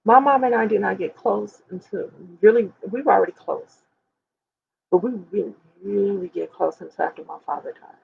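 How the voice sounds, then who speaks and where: Gravelly 40-year-old woman, emphatic and candid. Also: medium pitch, moderate pace, narrow, tinny audio. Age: 40s. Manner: emphatic, preacherly, speaks straight to her audience. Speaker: host. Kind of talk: candid personal talk to viewers.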